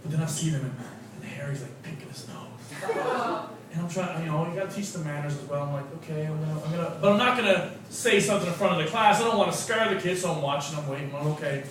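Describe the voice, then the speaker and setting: A stand-up comedian who is also an English teacher swings between loud, profane outbursts and muttered asides, talking fast in a slightly high voice. The mic picks him up from far off in an echoey comedy club, with a laughing audience audible throughout.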